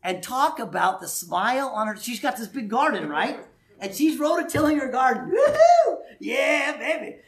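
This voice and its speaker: A man preaching a sermon in a conversational, animated way, with sudden quiet asides. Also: very high-pitched, moderate pace. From United States.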